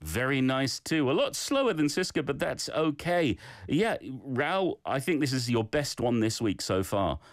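Lively, playful male radio host. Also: mid-range voice, measured pace, no echo, clean studio sound. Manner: warm, encouraging and playful. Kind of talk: hosting a radio language segment.

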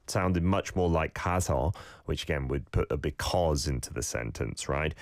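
Deep-voiced male radio host coaching pronunciation. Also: no echo, studio quality. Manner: patient, corrects pronunciation by repeating sounds slowly. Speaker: radio host teaching Korean. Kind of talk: casual radio talk with language tips.

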